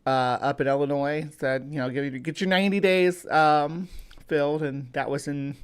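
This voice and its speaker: A man's voice: fairly high pitch, fairly even intonation, normal speed, smooth. A man from the US hosting a casual livestream, greeting viewers by name and rambling with many fillers and restarts. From United States. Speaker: livestream host.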